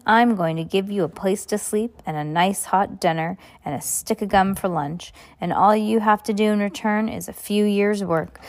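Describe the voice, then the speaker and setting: A woman's voice: mid-range voice, darkish tone, close to an everyday voice. A woman voicing a bossy, greedy male mill owner in a storybook reading, brusque and dismissive.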